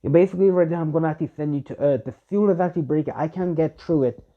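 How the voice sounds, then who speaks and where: A man's voice: a little high, rapid-fire, close to an everyday voice. A man voicing a weary celestial woman ruler who gives orders in an offhand, commanding way, on a dull lo-fi recording.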